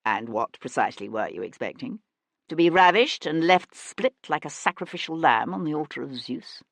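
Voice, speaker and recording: A woman reading an audiobook, voicing a cold, commanding young nobleman who holds a hostage, in a clipped, low, controlled way. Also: animated, moderate pace, no echo. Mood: cool menace.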